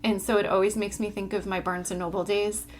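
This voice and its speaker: A woman's voice: mid-range voice, level tone, a little fast, a little hiss or hum. A woman co-hosting a casual library podcast, chatty and laughing often as she leads with questions. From Florida. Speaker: podcast co-host. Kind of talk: casual chat.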